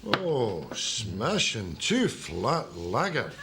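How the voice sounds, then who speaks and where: Sardonic old pensioner. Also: male voice, medium pitch, wildly swooping pitch, very slow, gravelly, full character voice. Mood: sarcastic. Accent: Scottish. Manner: dry and sarcastic. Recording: sitcom audio with background noise.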